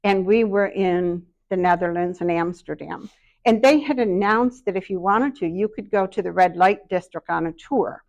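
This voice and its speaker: A woman's voice: medium pitch, normal speed, creaky, darkish tone, lo-fi sound. A middle-aged woman giving a workshop talk, telling personal stories in a self-deprecating, anecdotal way. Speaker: workshop speaker.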